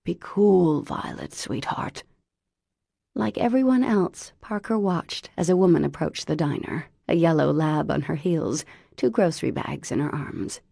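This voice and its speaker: A woman narrating an audiobook in an expressive, unhurried storytelling manner. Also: low-pitched, creaky, slightly rough, no room sound, studio quality. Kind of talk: scripted narration.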